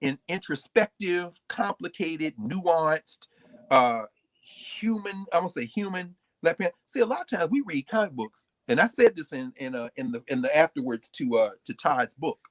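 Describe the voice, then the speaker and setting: Animated, high-pitched male lecturer. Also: normal speed, dry recording. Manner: emphatic, repeats words when building a point. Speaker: host and lecturer. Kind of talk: animated classroom talk.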